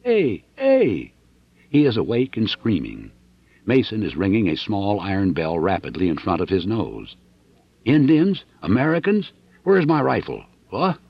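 A man voicing an excitable, blunt male surveyor, loud and exclamatory, in an audiobook. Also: low-pitched, normal speed, slightly rough, dry recording, lo-fi sound, exaggerated voice. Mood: alarmed.

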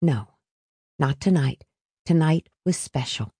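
A woman narrating a novel aloud with steady, expressive reading. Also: deep voice, a little slow, dry recording. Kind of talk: audiobook narration.

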